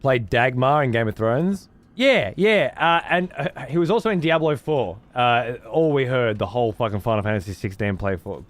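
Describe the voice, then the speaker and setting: A man's voice: medium pitch, animated, normal speed, few pauses. A man streaming a game, chatting casually and swearing freely while answering his chat. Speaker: let's play streamer. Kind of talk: casual gameplay commentary.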